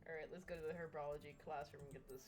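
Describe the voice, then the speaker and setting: An American woman streaming a video game, chatting casually, animated and quick to laugh and argue playfully. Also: low voice. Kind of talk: casual gaming chat. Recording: game music behind.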